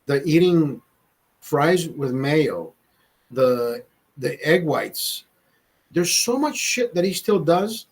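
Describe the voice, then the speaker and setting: A young man with a slightly raised, husky voice tells a long personal story in casual talk. He rambles, swears freely and restarts his sentences often. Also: fairly high pitch, animated, takes it slowly, long pauses, rough recording. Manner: rambling, profane, many restarts. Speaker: vlogger host.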